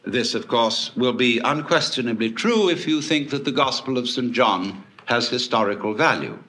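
A man giving a public lecture to an audience, telling stories in a wry, animated way with swooping emphasis. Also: medium pitch, normal speed.

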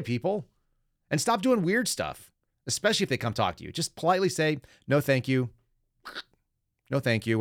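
A man's voice: mid-range voice, a bit bright, no room sound, studio quality. A man hosting a podcast, telling a story in casual commentary and acting out both sides of a conversation. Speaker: podcast host.

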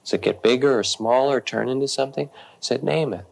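A middle-aged man, a meditation teacher, calmly telling a story in a dharma talk with gentle, unhurried pauses. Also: mid-range voice, vocal fry.

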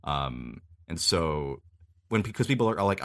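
A male voice actor, a podcast guest, talking casually and explaining at length with many pauses. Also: deep voice, animated.

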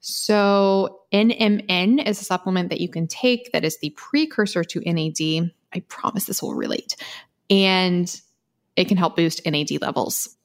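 A woman co-hosting a podcast, talking casually and quickly with frequent laughs and restarts. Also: fairly low pitch. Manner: chatty, fast, laughs often, many restarts. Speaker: podcast co-host.

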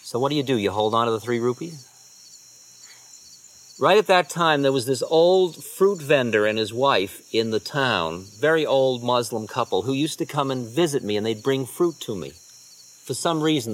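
Man, spiritual teacher, telling stories, slow and rambling, soft trailing asides. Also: mid-range voice, expressive. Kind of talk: storytelling talk.

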